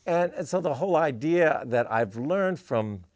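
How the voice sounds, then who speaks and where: A man's voice: on the high side, expressive, a little slow, darkish tone, dry recording, studio quality. A man, a musician guest in an interview, telling stories in a rambling way with many "you know" fillers. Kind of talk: casual interview storytelling.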